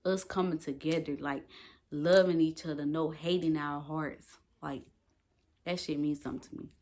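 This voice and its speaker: A woman's voice: low-pitched, fairly even intonation, normal speed, a little mellow. A young woman vlogging to her phone, talking emphatically and swearing freely. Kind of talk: casual talk to camera.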